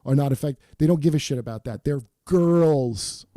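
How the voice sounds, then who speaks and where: A man's voice: fairly high pitch, normal speed, warm tone, no room sound, clean studio sound. A man hosting a comedy podcast, ranting in a profane, emphatic way. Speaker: podcast host. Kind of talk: casual comedy podcast banter.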